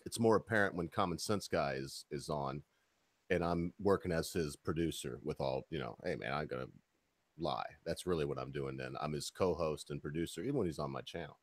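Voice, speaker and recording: A man hosting a casual livestream chat, rambling and laughing often, sometimes getting loud and excited. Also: extremely low pitch, a little fast, no room sound. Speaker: host.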